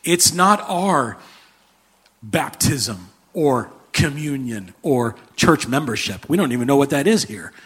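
A man preaching a sermon in an animated, conversational way, with a husky voice. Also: medium pitch, takes it slowly. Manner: animated, conversational, with frequent restarts and laughter. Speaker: pastor.

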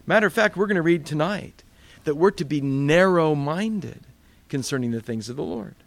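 A man's voice: fairly high pitch, expressive, moderate pace, creaky, dry recording. A male pastor teaching a Bible study in a conversational sermon style, full of rhetorical questions.

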